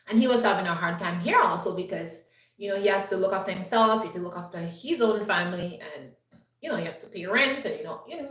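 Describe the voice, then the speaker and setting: A woman's voice: mid-range voice, recorded from a distance. A woman vlogger telling a personal story in a chatty, upbeat way, full of "you know". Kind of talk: casual storytelling to camera. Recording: roomy echo, voice set back from the mic.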